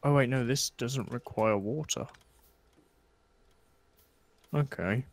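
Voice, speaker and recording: A man's voice: mid-range voice, slow pace, gravelly. A man playing a factory game with a friend, easygoing and a bit hesitant, also wrapping up the episode. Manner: easygoing, mildly hesitant with fillers. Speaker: co-host gamer. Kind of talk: casual multiplayer game chat and outro.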